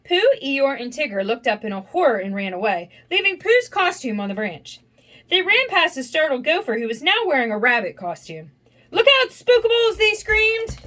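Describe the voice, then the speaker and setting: Woman, children's read-aloud narrator, expressive, bright, high-pitched. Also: normal speed. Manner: expressive, animated. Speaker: storybook reader.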